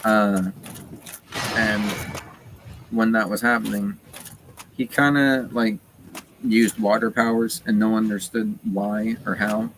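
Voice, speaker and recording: A man's voice: fairly low pitch, fairly even intonation, slow, pauses often. A man casually retelling a story while playing a game, rambling with lots of fillers. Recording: noticeable background noise.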